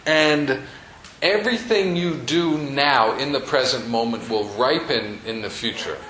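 A man's voice: medium pitch, unhurried, sharp tone, a little hiss or hum. A man teaching a meditation class in a studio, talking casually with plenty of fillers. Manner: casual, conversational, with many fillers. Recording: echoey room, faint ambience.

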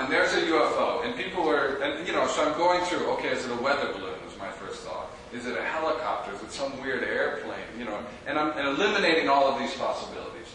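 A man's voice: mid-range voice, pushed and bright. A man giving a casual talk to a small group, chatty, laughing often and asking his listeners questions. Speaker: spiritual teacher giving a talk. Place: room with a small audience. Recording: roomy and echoey, from far off, noisy.

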